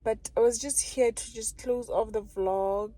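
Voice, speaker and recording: A woman's voice: a little high, fairly even intonation, unhurried, dark tone, slight background noise, poor audio. A woman chatting in a heartfelt, chatty way to her vlog viewers, calling them guys. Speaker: vlogger. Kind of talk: casual vlog chat.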